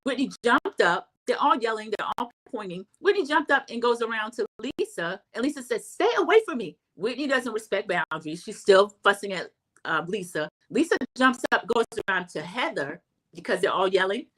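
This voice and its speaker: A middle-aged woman, chatting through a casual TV recap and acting out quotes in a high voice. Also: lively intonation, moderate pace, a bit bright. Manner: chatty, acts out quotes in a high voice, says "y'all". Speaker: recap host.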